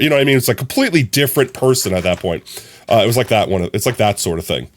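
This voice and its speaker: A young man chatting casually on his live stream, telling stories in an animated, rambling way full of fillers. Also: mid-range voice, very fast. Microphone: streaming from a phone.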